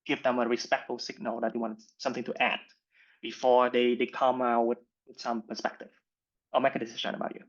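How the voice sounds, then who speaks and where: A man coaching interview skills in a live online masterclass who explains in short phrases and often asks "right?". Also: mid-range voice. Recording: muffled lo-fi recording.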